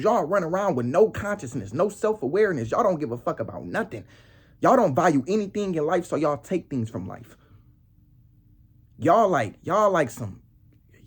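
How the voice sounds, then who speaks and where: Young male vlogger, husky voice, heated slang-heavy rant. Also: on the high side. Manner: heated street slang, repeats "bro" and "nigga". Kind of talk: casual storytelling rant.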